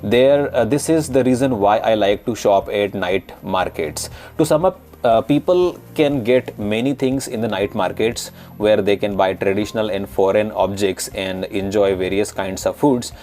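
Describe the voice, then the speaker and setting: Indian man teaching, quick with pitch jumps. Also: a little mellow. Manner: quick, lilting reading with sudden pitch jumps on transitions. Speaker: English teacher. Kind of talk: lesson with read-aloud passage. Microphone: recorded voice-over on screen capture.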